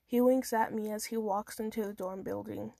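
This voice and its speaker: A woman's voice: mid-range voice, fairly even intonation, normal speed, vocal fry, mellow, no room sound. A woman reading her own first-person story aloud in a casual amateur manner, with small stumbles and restarts.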